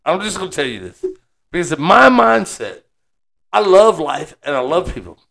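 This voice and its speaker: A man with a high, animated voice and a gravelly edge, co-hosting a relaxed conversation. He muses philosophically, swinging up and down in pitch and breaking into easy laughter between thoughts. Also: normal speed. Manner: musing, philosophical, laughs easily. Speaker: podcast co-host. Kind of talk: casual chat. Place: Texas.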